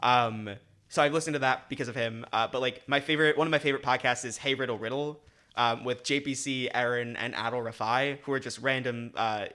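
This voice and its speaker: A young man with a bright, forceful voice, chatting loosely as a podcast host. He rambles and corrects himself as he goes, in an upbeat, easygoing way. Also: mid-range voice, steady tone, fairly quick. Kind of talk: casual chat.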